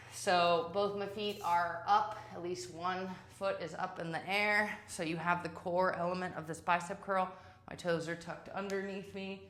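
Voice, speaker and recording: A woman's voice: lowish voice, fairly bright tone. Chatty woman coaching a workout. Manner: chatty, self-deprecating, jokey asides. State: tired from exercising. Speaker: fitness instructor.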